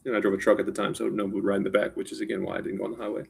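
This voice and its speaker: A man with a low, gravelly voice and a husky, rough edge tells a personal story casually. He rambles, restarts his sentences and repeats words as he goes. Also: level tone, very fast, a little mellow.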